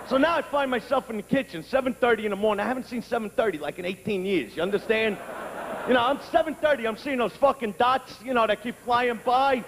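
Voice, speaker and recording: A male stand-up comedian telling a brash, profane routine who bursts into shouting. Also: very high-pitched, fast. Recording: echoey hall with clear noise.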